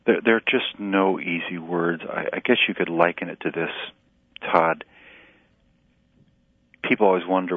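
Very deep-voiced pastor on a phone line. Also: male voice, no echo. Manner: earnest, halting, with restarts. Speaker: pastor and relief agency director. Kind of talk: phone-in radio interview. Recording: tinny phone line, dry.

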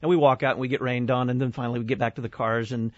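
A man from Illinois telling an animated, exasperated personal story, slipping into other people's voices as he goes. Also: medium pitch, rapid-fire, no room sound. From Illinois, USA. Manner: lively, exasperated, acts out quoted voices. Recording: dull dry studio sound.

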